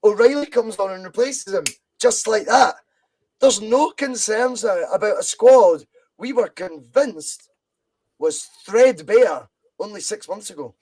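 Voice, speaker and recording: A man's voice: sits high, measured pace, a little mellow, breathy edge. A Scottish man hosting a football podcast, talking bluntly and swearing freely as he argues his opinions. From Scotland. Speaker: podcast host. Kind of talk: casual football podcast chat.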